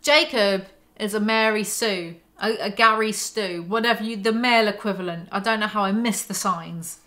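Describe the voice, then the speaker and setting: A woman's voice: medium pitch, moderate pace, bright, forceful tone. A woman hosting a book breakdown, reading passages aloud and adding sarcastic, mocking asides. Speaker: book commentary host.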